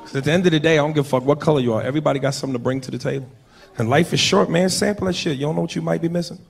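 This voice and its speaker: A man's voice: fairly high pitch, very fast, vocal fry. A man doing a brash, profane stand-up routine on a comedy club stage. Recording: live club with crowd laughter.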